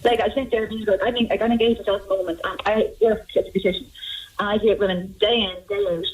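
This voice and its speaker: A woman's voice: medium pitch, fairly even intonation, quick pace. A woman calling into a radio show, talking earnestly with lots of "like". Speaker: caller. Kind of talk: phone-in caller. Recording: phone line on radio.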